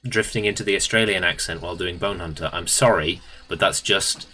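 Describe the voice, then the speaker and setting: A man with a low, bright-edged voice narrates a tabletop game as game master. He rambles loosely, restarting sentences and filling gaps with "uh" and "like." A faint hum of room ambience sits behind him. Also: a little fast, poor audio.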